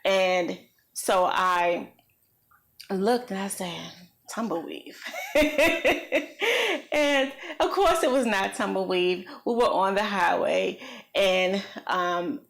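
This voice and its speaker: A woman vlogger recounting a personal experience in an earnest, reflective way, slow and halting with many pauses. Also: medium pitch. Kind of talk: personal storytelling.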